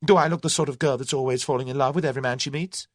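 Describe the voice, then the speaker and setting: A man voicing a spirited, quick-tempered young English woman with sharp, indignant retorts. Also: medium pitch, fairly even intonation, no echo, clean studio sound, voice pushed up, lightly acted.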